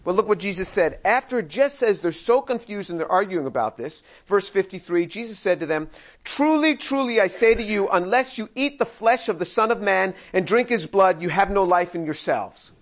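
A man's voice: sits high, expressive, normal speed. A man preaching a sermon, reading scripture aloud and acting out the quoted lines with humor. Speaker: pastor.

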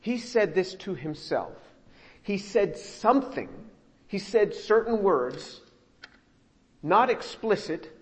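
Expressive male preacher in a reverberant hall. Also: high voice, slow, long pauses. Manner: expressive, acts out the scripture he reads. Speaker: pastor. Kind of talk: sermon.

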